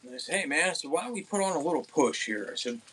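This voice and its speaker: A young man from Pennsylvania, hosting an outdoors channel, telling a rambling, excited hunting story with many restarts. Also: fairly high pitch, quick pace, slight background noise. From Pennsylvania, USA.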